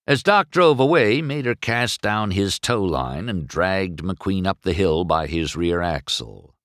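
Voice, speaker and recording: A man narrating a children's storybook aloud in an animated, expressive way. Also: sits low, a little slow, hardly any pauses, dry recording, studio quality.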